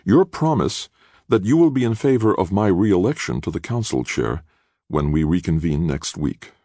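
A man reading an audiobook, voicing an imperious older woman politician with a flat, cold, calculating manner. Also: sits low, moderate pace, no echo, studio quality, pitched above the performer's own voice. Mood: icy. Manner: icy and flat, coolly calculating. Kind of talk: audiobook character voice.

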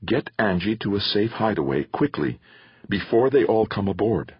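A man's voice: on the low side, lively intonation, normal speed, slightly rough, no room sound, voice pushed up. A man voicing a stern, worried older mother who gives clipped, urgent orders, in a dull, dry lo-fi recording.

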